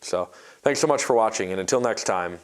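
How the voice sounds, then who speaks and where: Halting man explaining his workshop build. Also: fairly low pitch, slight background noise. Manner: rambling, halting, restarts often. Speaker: maker vlogger. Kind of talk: casual workshop demonstration.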